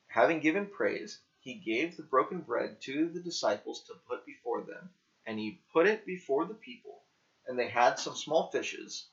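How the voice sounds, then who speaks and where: A man reading scripture aloud slowly and carefully, in simple language for learners. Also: medium pitch, fairly bright tone. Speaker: scripture reader. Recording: dull lo-fi recording.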